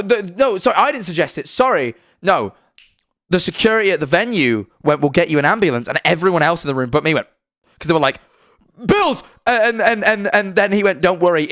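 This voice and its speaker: A man's voice: fairly high pitch, expressive, a little fast, a bit bright, no echo, studio quality. Rambling British guy on a stream. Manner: rambling, swearing, emphatic, lots of "right?". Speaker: streamer reacting to videos and chat. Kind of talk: casual live-stream chat.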